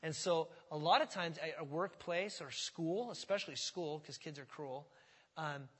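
In a reverberant church hall, a man preaches his sermon in a conversational way, putting questions to those gathered. He's the pastor, and his husky voice is a little high, at a moderate pace.

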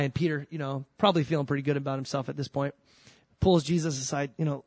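Speaking fast in a fairly high voice, a male pastor preaches on a dry recording. The sermon is animated and conversational, jumping between forceful emphasis and soft asides, some of them funny.

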